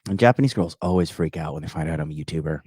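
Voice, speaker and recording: A man's voice: a bass voice, very fast, darkish tone, breathy edge, no echo, clean studio sound. A man in his thirties hosting a call-in livestream, rambling casually and crudely, full of "like" and "you know" while he reads out viewer comments. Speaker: call-in show host.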